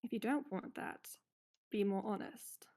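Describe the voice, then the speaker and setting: A woman playing a tabletop game, questioning a prisoner calmly and with quiet threats. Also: medium pitch, a little slow. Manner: calm, threatening interrogation. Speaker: player. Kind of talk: in-character tabletop role-play.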